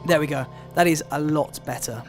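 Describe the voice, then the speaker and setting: A man's voice: on the high side, brisk. A man hosting a casual video-editing tutorial, upbeat and explaining step by step. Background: background music.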